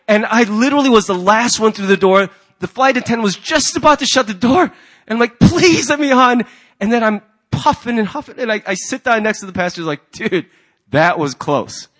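A male pastor preaching a sermon, telling a story with lively acted-out voices. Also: high voice. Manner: animated storyteller, acts out the people in his anecdotes.

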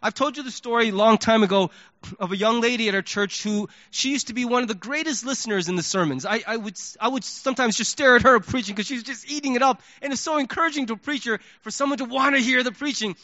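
A pastor preaching, his voice high and bright and animated as he tells a story. The sound is dry and a little dull, a lo-fi sermon recording. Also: quick pace, no echo. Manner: animated storytelling, acts out his own thoughts.

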